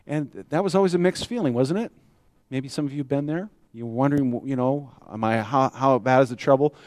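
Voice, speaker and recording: A man's voice: medium pitch, fairly quick, darkish tone, no room sound. Conversational male pastor, dry sound. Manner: conversational storytelling with rhetorical questions. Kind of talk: sermon.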